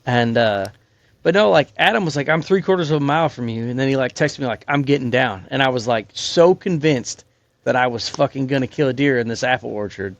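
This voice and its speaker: A man's voice: medium pitch, a little fast, no echo. A young man on a podcast telling a rambling, profane hunting-camp story in casual chat. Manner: rambling and profane, many fillers. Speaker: podcast guest, hunting crew member.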